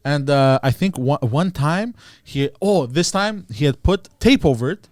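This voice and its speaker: A man on a comedy podcast telling a story in a halting way, with restarts. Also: a little high, expressive, darkish tone, no echo, studio quality. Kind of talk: casual comedy podcast chat.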